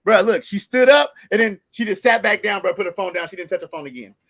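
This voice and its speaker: Fast talking guy with a high voice telling stories on a podcast, lots of cussing. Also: vocal fry, no echo. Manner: animated, profane storytelling. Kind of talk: casual podcast storytelling.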